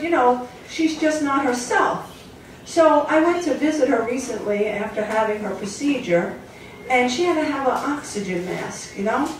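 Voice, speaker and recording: A woman comedian tells stories from a club stage in a high, lively voice. Her voice is distant and echoes heavily through the room. Audience noise is clearly heard behind her. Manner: chatty, storytelling delivery. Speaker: stand-up comedian. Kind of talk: stand-up routine.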